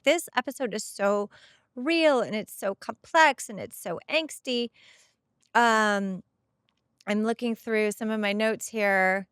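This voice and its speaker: A woman's voice: medium pitch, slow pace, fairly bright tone, clear, resonant tone, no room sound, studio quality. A middle-aged woman hosting a podcast, talking on a headset mic in an emotional, gushing way as she comments on a show episode. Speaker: podcast host. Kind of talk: casual episode rewatch commentary.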